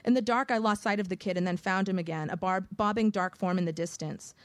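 A woman reading a first-person audiobook in a measured, vivid storytelling manner. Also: medium pitch, no room sound. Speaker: audiobook narrator.

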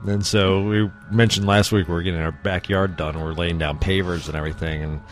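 A man's voice: low voice, brisk, faint music behind. A man co-hosting a casual internet radio talk show, chatting and telling stories from home life. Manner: chatty storyteller, relaxed. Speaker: co-host.

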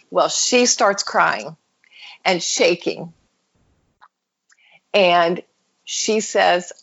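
A woman's voice: lowish voice, takes it slowly, long pauses, breathy edge, lo-fi sound. Woman telling a family story. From United States. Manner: animated storyteller who acts out quoted voices. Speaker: podcast guest. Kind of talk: personal storytelling in an interview.

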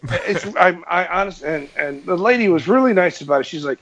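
A man from New England with a high voice talks briskly as he spins a long story in casual chat. Laughing often, he animatedly acts out the dialogue, and the recording sounds muffled and lo-fi.

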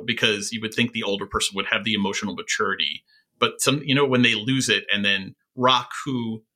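A man co-hosting a podcast, talking through a TV episode in a thoughtful, halting way with frequent fillers. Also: on the low side, pushed and bright. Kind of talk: casual recap discussion of a TV episode.

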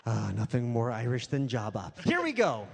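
A man's voice: mid-range voice, wildly swooping pitch, moderate pace, vocal fry. A man co-hosting a podcast, bantering in a playful, mock indignant way. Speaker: podcast co-host. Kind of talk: joking banter. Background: guitar music.

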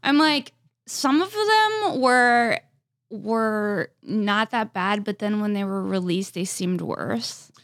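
A woman hosting a casual podcast chat, reacting with quick interjections. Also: mid-range voice, lively intonation, a bit bright, dry recording, clean studio sound. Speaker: podcast host.

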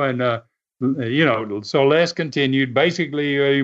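A man's voice: medium pitch, measured pace. Man spinning a folksy wrestling story. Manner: folksy, laughs often, many fillers. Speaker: former wrestler telling stories. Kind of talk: casual storytelling. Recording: slightly muffled recording.

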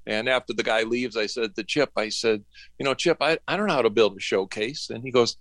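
A man's voice: mid-range voice, brisk, fairly bright tone, no room sound. Folksy man telling a work story. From northern Michigan. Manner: rambling, folksy, acts out quoted dialogue. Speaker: interview guest, woodworking business owner. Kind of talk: casual storytelling interview.

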